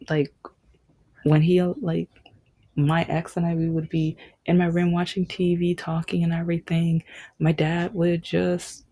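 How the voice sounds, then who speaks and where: A young adult woman hosting a podcast, telling a personal story in a halting way, with many restarts and whispered stretches. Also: lowish voice, vocal fry, darkish tone, husky. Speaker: podcast host.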